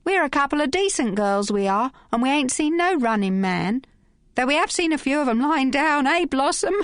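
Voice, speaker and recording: A woman narrator putting on a loud, mocking Cockney accent as a young woman posing as a tipsy working girl. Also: high voice, expressive, moderate pace, no echo, clean studio sound, voice pushed up. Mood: brassy. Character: Phryne doing a brassy Cockney tart.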